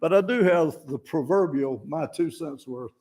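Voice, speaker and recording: A man's voice: fairly high pitch, normal speed, a little mellow. An older man giving an informal, folksy sermon at a fellowship service, self-deprecating and plain-spoken, often restarting his words. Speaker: lay speaker at a fellowship service.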